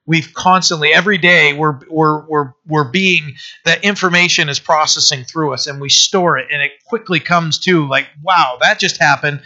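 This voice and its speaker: A man's voice: on the high side, sharp tone. A middle-aged man preaching a conversational sermon, rambling, with many restarts and fillers. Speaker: pastor. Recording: dull lo-fi sermon recording.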